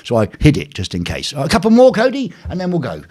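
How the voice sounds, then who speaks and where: A man hosting a live stream from his home flat, chatting casually with viewers in a jokey, rambling way full of fillers. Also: fairly high pitch, fast. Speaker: live show host.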